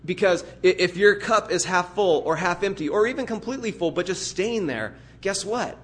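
A pastor preaching a sermon in an earnest, emphatic way, building vivid everyday illustrations. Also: male voice, sits high, lively intonation, moderate pace, fairly bright tone. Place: church.

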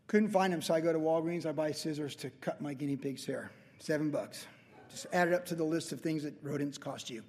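A male pastor preaching a verse-by-verse sermon, joking and telling stories with quick put-on animal voices. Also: a little high, a little mellow, long reverb tail. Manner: jokey storytelling with animal voices.

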